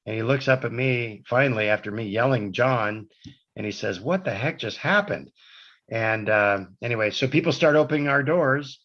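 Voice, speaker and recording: In dull lo-fi podcast audio, a man with a mid-range, fairly bright voice and lively intonation speaks at a normal speed. He is a guest recounting a long personal story casually, drifting off track and correcting himself throughout.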